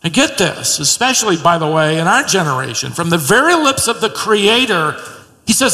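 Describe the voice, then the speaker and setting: A man preaching with an animated storyteller's delivery, his voice high and bright. Now and then he acts out a quoted line. The sound carries a long reverb from the sanctuary around him. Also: normal speed. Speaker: pastor. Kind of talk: sermon.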